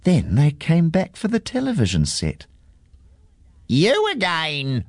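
A man reading a children's story aloud in a gentle, expressive way. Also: a little high, normal speed, vocal fry, dry recording, studio quality.

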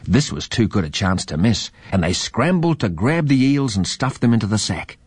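A man reading a children's story aloud in a lively, expressive way. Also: lowish voice, moderate pace, slightly rough, no echo.

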